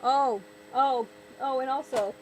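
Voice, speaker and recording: High-voiced woman ranting in exasperation. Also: fairly even intonation, takes it slowly, a little hiss or hum, rough recording. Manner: exasperated, sarcastic, repeats and restarts words. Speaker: vlogger. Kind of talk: ranting vlog commentary.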